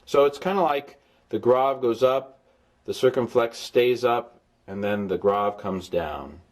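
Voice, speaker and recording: A man tutoring in an informal recorded lesson, folksy, with playful asides, sounding syllables out slowly. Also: mid-range voice. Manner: folksy, explains with playful asides and repeated examples. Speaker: Greek tutor.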